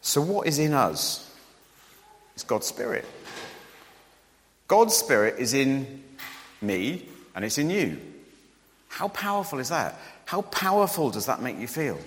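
Male preacher, chatty and joking, lively rising pitch, long church-hall reverb. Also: measured pace, pauses often, slight background noise. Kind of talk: sermon.

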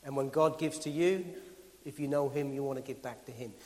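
A man preaching a sermon in a church hall. He builds with rhythmic, emphatic repetition and then drops to quiet asides. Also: medium pitch, brisk. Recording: long hall reverb.

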